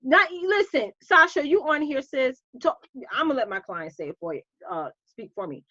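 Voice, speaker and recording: A woman coach hosting a casual live stream, chatty and animated, greeting viewers by name. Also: high-pitched, normal speed, no echo, dull audio.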